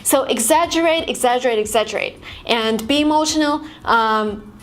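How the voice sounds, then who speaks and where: Fairly high-voiced woman, chatty english lesson, acts out big reactions. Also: moderate pace, soft background music. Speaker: language vlogger teaching English phrases. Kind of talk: casual video lesson. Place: lives in San Francisco.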